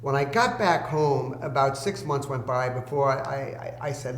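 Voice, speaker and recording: A man's voice: medium pitch, normal speed, few pauses. A man telling a long personal story as a podcast guest, acting out the people he quotes. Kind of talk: storytelling in casual conversation. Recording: echoey room with faint hum.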